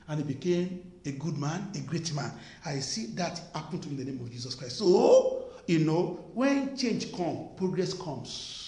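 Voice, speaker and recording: A man's voice: fairly high pitch, a little mellow. A male preacher delivering an emphatic sermon, repeating his points and firing rhetorical questions at the congregation. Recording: echoey room.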